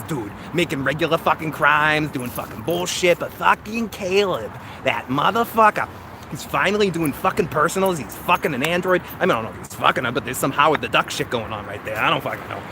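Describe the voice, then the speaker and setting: A man's voice: on the high side, animated, a little fast. A man putting on a brash, foul-mouthed guy with a Boston accent, ranting with swagger. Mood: cocky rant. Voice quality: swaggering, constant swearing, shouty. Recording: outdoor traffic noise.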